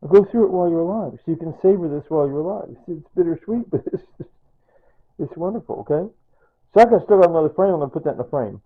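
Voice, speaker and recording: An older man chats in a casual vlog, wandering from thought to thought and repeating himself in a sentimental way. His pitch swings up and down a lot as he talks. The sound is thin and tinny, like a phone line. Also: animated, fast, slightly rough. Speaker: vlogger.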